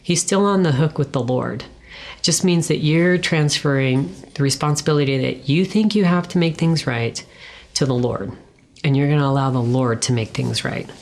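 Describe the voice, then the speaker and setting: Her voice sits low, and there is slight background noise as this middle-aged woman, a guest, shares her personal testimony. The telling is conversational, earnest and emotional, and she acts out remembered words from herself and others, dropping to whispers and pausing.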